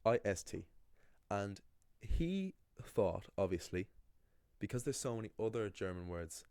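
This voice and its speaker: A young Irish man who teaches languages talks through an anecdote in a casual video monologue, opinionated and rambling. His fairly low, slightly mellow voice swings widely in pitch at a measured pace, in a dry recording with clean studio sound.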